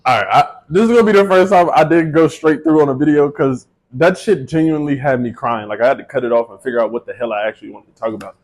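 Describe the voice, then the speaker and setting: A man's voice: medium pitch, fast, hardly any pauses. A man vlogging a casual monologue about manifestation on a small personal mic, joking and swearing freely. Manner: profane, joking, conversational.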